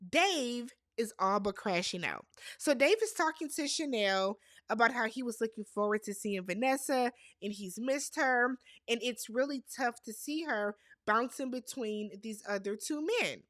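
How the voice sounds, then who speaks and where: A woman giving casual, sassy commentary as she recaps a reality show, with animated reactions and slang asides. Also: fairly high pitch, no room sound, clean studio sound.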